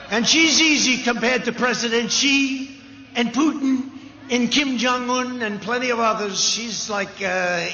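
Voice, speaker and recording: At an outdoor campaign rally, a man with a high, sharp voice addresses a large cheering crowd, his speech full of rambling, repetitive boasts. The PA sound is echoey and dull, with crowd noise throughout.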